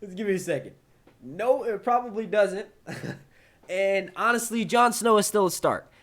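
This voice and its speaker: This is a man with a New York accent who hosts a casual live-stream Q&A. His voice sits a touch high for a man. He rambles excitably from one question to the next and swears easily. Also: normal speed. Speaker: channel host answering chat questions.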